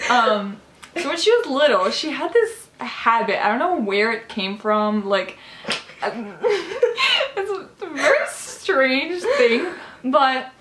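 A woman's voice: high-pitched, big pitch swings, takes it slowly, fairly bright tone, roomy sound, slight background noise. A teenage girl at home joining her friend's story, laughing often as she cuts in. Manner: laughing, chiming in. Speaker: co-host friend. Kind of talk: casual storytelling. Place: home room.

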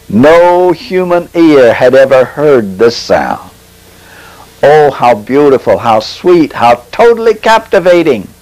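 Man, testimony sermon, dramatic preaching, long pauses, slow emphatic phrases, lively swooping pitch. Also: rough recording.

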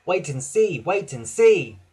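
A man's voice: fairly high pitch, big pitch swings, takes it slowly, darkish tone, breathy edge, heavily acted. A man voicing a proud, eager little male tank engine who talks boastfully and repeats his phrases. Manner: boastful and huffy, chanting phrases twice.

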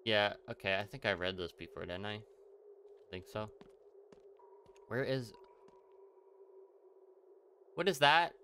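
A man's voice: lowish voice, normal speed, long pauses, bright, forceful tone, a little hiss or hum. A young man playing a horror game, reacting jumpily, swearing and talking to himself. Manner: jumpy, swearing, talks to himself. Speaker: let's play gamer.

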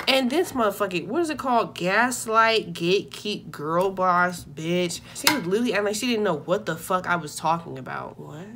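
A woman's voice: on the low side, lively intonation, moderate pace, few pauses, a bit bright, slight background noise. A tired young woman telling a personal story on her vlog, casual and full of profanity. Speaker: YouTuber.

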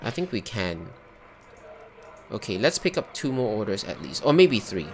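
Man narrating his cooking game, animated. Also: fairly low pitch, normal speed, slight background noise. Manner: talks himself through tasks, bursts into exasperated outbursts. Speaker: gameplay video host. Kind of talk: live gameplay commentary.

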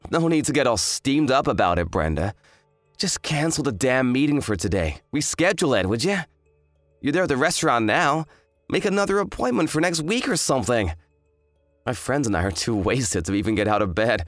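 A man's voice: mid-range voice, very animated, fairly quick, dry recording, soft background music, lightly acted. A man voicing an arrogant, hungover young fiancé who talks in a smug, dismissive drawl. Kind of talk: dramatized story voice acting.

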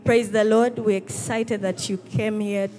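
A woman leads call and response at a church service before a live congregation, music playing underneath. She speaks at a measured pace with a mellow, medium-pitched, fairly even voice, and the recording has a little hiss or hum.

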